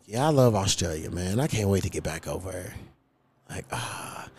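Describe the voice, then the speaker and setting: A man's voice: low voice, expressive, normal speed, darkish tone, breathy edge. A man, hosting a podcast in casual chat, telling loose stories full of slang and swearing. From United States. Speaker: podcast host.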